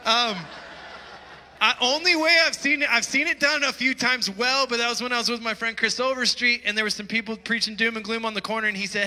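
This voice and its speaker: A pastor preaching a sermon to his church, excitable and getting loud when he is stirred up. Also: very high voice, brisk. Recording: preaching in a reverberant church hall.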